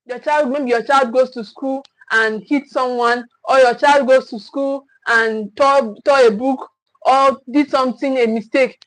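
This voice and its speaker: High-voiced woman giving earnest parenting advice. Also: steady tone, unhurried, a bit bright, no room sound, poor audio. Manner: earnest, repeats phrases, acts out parents' voices. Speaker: parenting coach. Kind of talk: livestream parenting talk.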